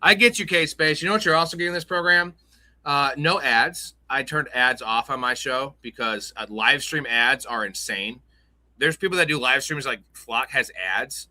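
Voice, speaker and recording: A man's voice: medium pitch, normal speed, pushed and bright. A young man hosting a casual live-stream show, joking and rambling through loose banter. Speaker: host.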